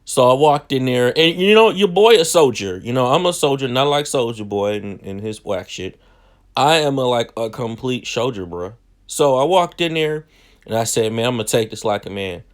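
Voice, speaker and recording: A man's voice: medium pitch, animated, normal speed. A young man casually telling a story from his childhood in slangy, self-mocking talk. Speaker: vlogger.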